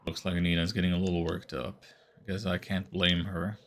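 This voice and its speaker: A man's voice: deep voice, level tone, normal speed. A man giving rambling, self-deprecating commentary while streaming a game. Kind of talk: casual let's-play commentary.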